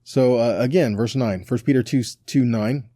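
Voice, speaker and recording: A man giving a conversational Bible teaching, reading verses aloud and checking in with quick rhetorical questions. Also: medium pitch, mellow, no room sound, studio quality.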